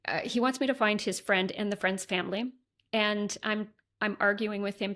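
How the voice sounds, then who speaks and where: A woman's voice: mid-range voice, vocal fry. A middle-aged woman telling a spirited personal story in a podcast interview, acting out the voices in her dialogue. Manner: animated, acts out quoted dialogue with laughs. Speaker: guest medium.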